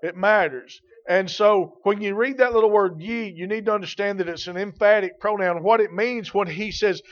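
A man's voice: high-pitched, moderate pace, hardly any pauses, lo-fi sound. A man preaching a sermon as pastor, emphatic and repeating key phrases for weight.

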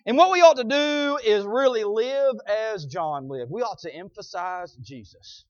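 Male preacher, very high voice, emphatic sermon cadence with frequent "Amen?", dull dry lo-fi recording. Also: expressive, unhurried, no room sound. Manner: swings from shouting to low asides.

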